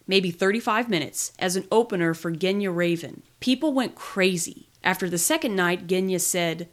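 Expressive woman reading a memoir aloud. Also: lowish voice, normal speed, few pauses. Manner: lively, expressive storytelling. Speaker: podcast reader. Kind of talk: first-person memoir reading.

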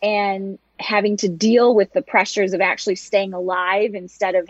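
A woman from Michigan, a guest and motivational speaker, telling her life story in an open, animated way and laughing often. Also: mid-range voice, moderate pace, breathy edge, no room sound. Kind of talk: conversational interview storytelling. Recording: dull lo-fi sound.

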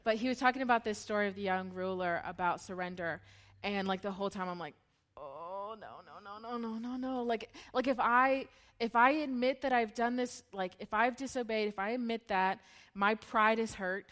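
A woman's voice: mid-range voice, brisk, a bit bright. A woman in her thirties gives a candid, emotional personal testimony at a church gathering and laughs often as she talks. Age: 30s. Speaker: church speaker.

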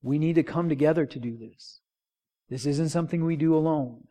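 Male pastor, slightly high voice; conversational sermon with call-and-response. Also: brisk, dark tone. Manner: conversational preaching with rhetorical questions and call-and-response.

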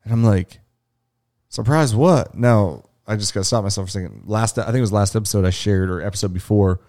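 A man's voice: on the low side, fast, darkish tone. A young adult man co-hosting a podcast, telling a long, profane story in a casual chat and acting out the quotes. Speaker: podcast co-host.

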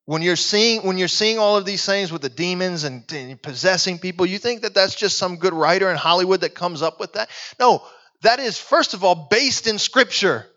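A man preaching a sermon, telling stories earnestly and sometimes dropping to a hushed, intense voice. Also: sits high, highs cut off.

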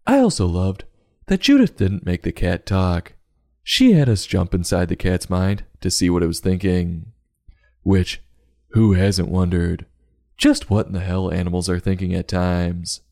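A man's voice: low voice, a little slow, creaky, mellow. A man hosting a comedic podcast that reviews children's books, with a sarcastic, jokey delivery.

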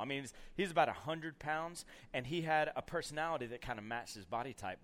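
A young man giving a storytelling sermon to a youth camp, acting out scenes with lots of casual fillers. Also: medium pitch. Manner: animated storyteller acting out scenes, many "you know" fillers. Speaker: camp speaker.

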